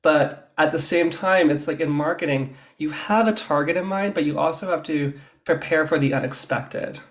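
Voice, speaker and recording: A man with a somewhat high-pitched voice talks through his career in a relaxed interview. He tells stories in a chatty, animated way and acts out what other people said. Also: normal speed. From Canada. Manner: chatty, animated storytelling with acted quotes. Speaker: guest, fashion stylist. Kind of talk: casual interview chat.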